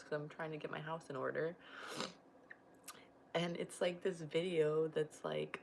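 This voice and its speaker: A woman's voice: sits low, flat delivery, moderate pace, gravelly, long pauses, a little hiss or hum, poor audio. A woman in her thirties hosting a casual livestream, chatty and emotional, laughing often as she rambles to her viewers. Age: 30s. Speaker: livestream host and mother. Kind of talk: casual livestream chat, reading viewer comments.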